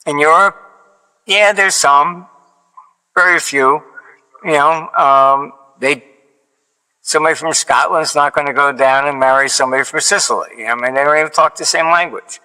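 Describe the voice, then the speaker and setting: A financial analyst guest speaks at normal speed in a slightly high, bright, forceful, clear, and resonant voice. He rambles through long casual stories full of fillers and restarts, acting out each anecdote's quoted back-and-forth with dry delivery, with long hall reverb on the recording.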